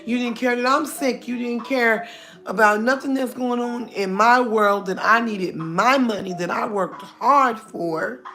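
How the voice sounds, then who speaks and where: A woman's voice: a little high, measured pace, sharp tone, faint music behind. A middle-aged woman hosting a casual livestream, talking bluntly, greeting viewers by name and laughing often. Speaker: livestream host.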